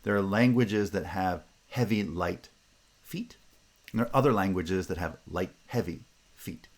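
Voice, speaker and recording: A man giving a university phonetics lecture, pausing with fillers and restarts and checking in with the class with "right?" and "okay?". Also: low voice.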